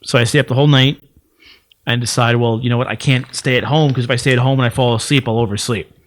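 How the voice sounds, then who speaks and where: A man's voice: medium pitch, steady tone. A man co-hosting a podcast, telling rambling anecdotes in casual chat and mimicking relatives as he goes. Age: adult, works for city sanitation. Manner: rambling anecdotes, fast, acts out relatives' voices. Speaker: podcast co-host.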